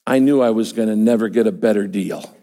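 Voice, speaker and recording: A man voicing an older male mentor with a thick Austrian accent, speaking slowly and calmly. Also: lowish voice, pitched below the performer's own voice, natural voice. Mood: reflective. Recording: long hall reverb.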